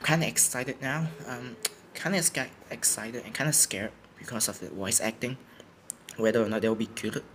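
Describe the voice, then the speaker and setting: A man's voice: mid-range voice, moderate pace, fairly bright tone, slight background noise. Sleepy young man rambling through a reaction. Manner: rambling with frequent restarts. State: sleepy, just woke up. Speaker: YouTuber reacting to a trailer. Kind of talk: casual reaction commentary. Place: home, indoors. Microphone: home recording setup.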